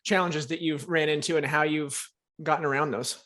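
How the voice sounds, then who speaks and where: A male podcast host with a slightly high-pitched voice, chatting casually. He backs up his guest with steady little affirmations and asks loose, rambling questions. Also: normal speed. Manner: encouraging, frequent short affirmations. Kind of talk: conversational podcast interview.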